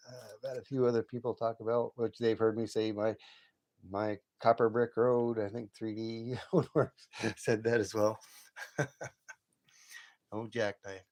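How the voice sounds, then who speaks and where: A man's voice: fairly low pitch, level tone, unhurried, pauses often, darkish tone. Chatty man hosting a late-night stream. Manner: rambling and chatty, often chuckling. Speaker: live-stream host. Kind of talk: casual late-night live-stream chat with viewers. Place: at home.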